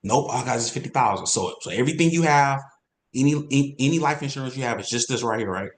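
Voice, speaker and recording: An energetic man gives a sales training talk to insurance agents, coaching them and repeating his points for emphasis. His voice sits in a middle pitch. The recording has a roomy echo. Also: fast talker.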